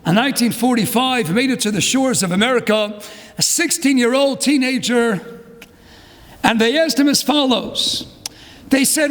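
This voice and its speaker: Rabbi preaching, very high voice, fervent and swinging between hush and outcry, hall reverb. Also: male voice, normal speed. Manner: impassioned, swings from low hush to fervent crying-out. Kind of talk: sermon.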